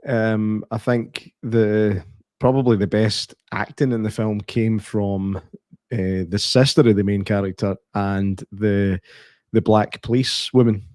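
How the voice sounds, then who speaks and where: A Scottish man chatting casually on a film podcast, animated and sweary as he tells stories. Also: lowish voice, takes it slowly, no room sound, clean studio sound. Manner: animated, swears and laughs while telling anecdotes. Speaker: podcast co-host. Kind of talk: casual film review chat.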